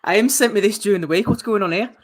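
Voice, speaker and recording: A man's voice: high voice, quick pace. A man hosting a casual podcast, introducing segments and teasing the guest. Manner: jokey, teasing. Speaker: podcast host.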